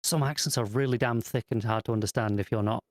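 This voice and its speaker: A man's voice: mid-range voice, fairly even intonation, fast, dry recording, clean studio sound. A man co-hosting a casual TV review chat, chiming in with wry, teasing remarks. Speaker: TV review co-host.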